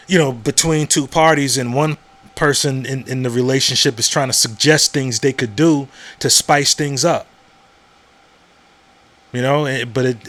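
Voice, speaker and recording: Talking through a casual podcast monologue, the man keeps things frank and profane, repeating points and asking "you know what I'm saying?" His pitch is medium and his tone a bit bright.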